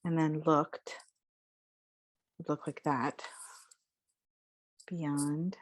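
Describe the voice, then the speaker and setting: Slow-talking woman teaching vowel sounds. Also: lowish voice, a little mellow. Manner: explanatory, demonstrates sounds aloud. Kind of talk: casual spoken lesson.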